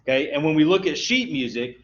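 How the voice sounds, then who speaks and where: In this classroom lecture, a male music instructor at a college breaks down terminology one step at a time, frequently asking "okay?". He talks fairly quickly in an expressive, slightly high, somewhat bright voice, and the recording is dull and lo-fi.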